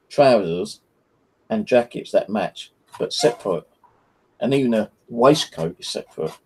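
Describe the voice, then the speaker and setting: A man's voice: lowish voice, vocal fry, warm tone, slightly rough. A man with an English accent telling a rambling anecdote in casual chat on a live stream, full of "you know" and "like". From England.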